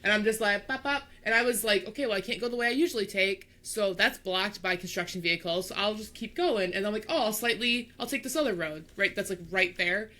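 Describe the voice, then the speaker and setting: Young woman podcast co-host, bright tone, animated storyteller. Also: mid-range voice, brisk, hardly any pauses. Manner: animated storyteller, acts out voices, laughs. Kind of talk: casual storytelling chat.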